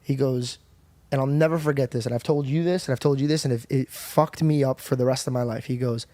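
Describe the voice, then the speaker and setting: A young man on a podcast telling a personal story in a candid, profane, animated way. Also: medium pitch, a little fast, no echo. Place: podcast studio.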